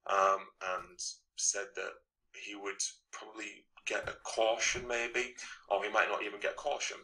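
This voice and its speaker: A man telling a story in an interview, quickly and with many restarts. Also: on the low side, steady tone, sharp tone, poor audio. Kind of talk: recounting an incident in an interview.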